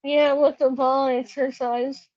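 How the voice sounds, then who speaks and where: A woman's voice: high voice, little pitch movement, takes it slowly, a little mellow, no room sound, lo-fi sound. A woman taking a singing lesson, answering her teacher in short, hesitant replies. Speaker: singing student.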